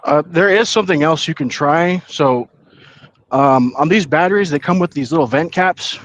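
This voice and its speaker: A man's voice: on the high side, moderate pace, fairly bright tone, poor audio. A man calling in to a talk show, speaking casually and explaining things plainly with some swearing. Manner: casual, profane, explains practically. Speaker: caller. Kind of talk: casual chat.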